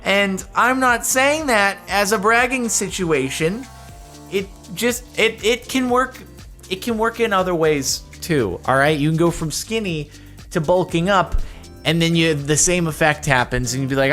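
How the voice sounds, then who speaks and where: A man's voice: high voice, a little slow, faint music behind. A young man hosting a reaction video, rambling and joking in casual commentary. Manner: animated, rambling, jokey.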